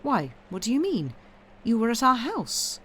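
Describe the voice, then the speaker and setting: A nervous young woman afraid of being seen, as a woman reader voices her in a storybook reading. She speaks in a hushed, anxious way, a little high in pitch, over a faint background hum. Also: wildly swooping pitch, measured pace, heavily acted.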